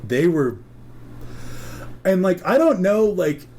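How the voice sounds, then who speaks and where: Sitting high and taking his time, a man's voice comes through with a touch of hiss or hum. As a podcast co-host, he tells a long, animated story in casual chat, swearing freely and performing the voices of its people.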